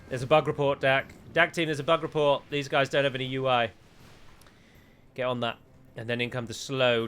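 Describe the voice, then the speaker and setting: A man's voice: mid-range voice, a bit bright. Man, let's play commentary, joking, sarcastic, rambling, faint music behind. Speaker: game commentator.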